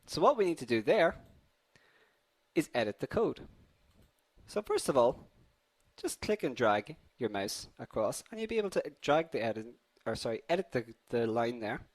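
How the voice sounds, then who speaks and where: An upbeat young man running a live online coding class, his pitch bouncing up and down as he chats to viewers. A slight cold gives his voice a faintly stuffy edge, but he keeps the friendly, conversational flow going. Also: big pitch swings, normal speed. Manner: upbeat and chatty, addresses viewers as guys. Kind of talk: live online tutorial with viewer poll and questions.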